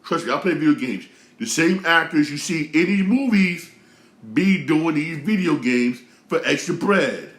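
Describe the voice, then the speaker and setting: A man's voice: on the high side, expressive, measured pace, a bit bright. Male host in his 30s, fired-up casual rant full of repeats; echoey room. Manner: repetitive, heated, slangy, many restarts. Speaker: show host.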